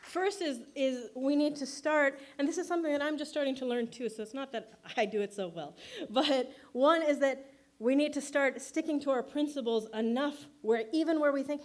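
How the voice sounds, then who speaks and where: A woman's voice: sits high, normal speed. A woman filmmaker giving an award acceptance speech, chatty and self-deprecating, laughing often between her words.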